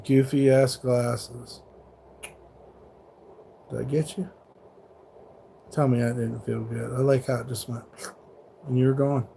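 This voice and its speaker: A middle-aged man livestreams from a truck stop, swearing freely as he goads trolls in his chat. His voice is dark and mellow with a flat, level pitch. A faint hum of background noise sits under the recording. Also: normal speed, gravelly, long pauses. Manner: confrontational, profane, taunting chat trolls.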